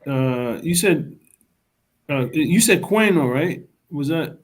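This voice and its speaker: A man's voice: a little high, animated, takes it slowly. A man taking part in a language class as a student, tentatively trying out the words.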